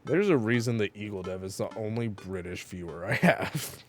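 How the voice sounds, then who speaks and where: A man's voice: on the low side, lively intonation, normal speed, faint music behind. Joking man streaming a game. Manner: joking asides, reads game messages aloud. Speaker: streamer playing a dating game. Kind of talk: casual let's-play commentary.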